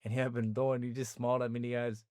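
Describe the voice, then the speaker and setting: An Australian man tells his story as a podcast guest, animated and lively, slipping into the voices of the people he quotes. His voice sits at an ordinary middle pitch for a man. The recording is close and dry, with no room sound. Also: very fast, dry recording. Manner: animated storyteller who acts out quoted dialogue. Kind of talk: storytelling interview.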